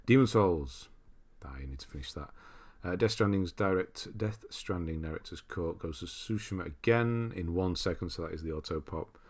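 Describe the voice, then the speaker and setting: A man's voice: sits low, normal speed, hardly any pauses. A young British man hosting a casual livestream, chatting loosely, reading out viewer comments and laughing often. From Britain. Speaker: livestream host.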